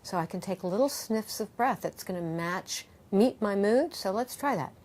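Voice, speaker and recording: A middle-aged woman, a yoga teacher and author, talks in an interview in a lively, expressive way, acting out quoted voices and guiding breathing exercises. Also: medium pitch, normal speed. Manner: animated, acts out quoted voices, guides breathing.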